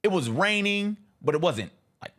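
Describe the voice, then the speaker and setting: Co-hosting a radio show, a man with a high-sitting voice tells a story at a moderate pace. His casual chat is lively and animated, full of restarts and laughter.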